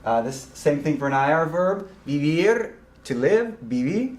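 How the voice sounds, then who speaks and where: A man teaching a recorded grammar lesson, explaining slowly and deliberately with frequent ums and uhs. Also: a little high, lively intonation, echoey room. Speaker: Spanish teacher.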